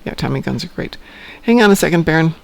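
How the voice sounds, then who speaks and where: A livestream host runs a live game stream, chatting with his teammates in a friendly, easygoing manner and laughing often. His voice is fairly high and creaky, with lively intonation and a quick pace.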